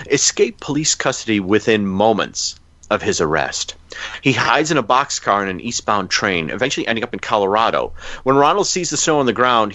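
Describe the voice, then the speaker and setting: Low-voiced man, dry lo-fi sound. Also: fairly bright tone, dry recording. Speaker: podcast co-host. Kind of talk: reading a fan entry, then casual chat.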